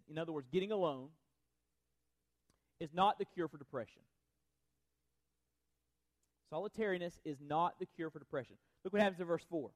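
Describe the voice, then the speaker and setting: A man's voice: high voice, expressive, fairly quick, pauses often. A man preaching a sermon in an earnest, conversational way, often restarting phrases and asking the congregation if they follow. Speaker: pastor.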